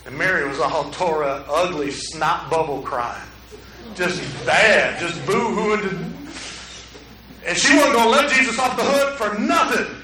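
A middle-aged man preaches a sermon, dropping to near-hushed stretches and then rising sharply. His voice sits high and bright. It is picked up from a distance in a reverberant room. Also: animated, unhurried. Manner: preaching with big swings from quiet to loud. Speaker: pastor. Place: room with an audience.

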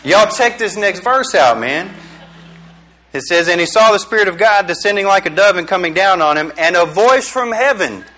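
A man's voice: high voice, expressive, moderate pace, sharp tone, soft background music. A middle-aged man giving a casual youth sermon, joking and quizzing his audience. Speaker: youth pastor. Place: small room with a group.

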